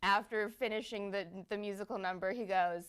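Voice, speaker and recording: A woman co-hosting a live show from a studio, telling stories in a rambling, excitable way. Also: mid-range voice, brisk, clean tone. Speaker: co-host. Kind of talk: casual live-stream chat.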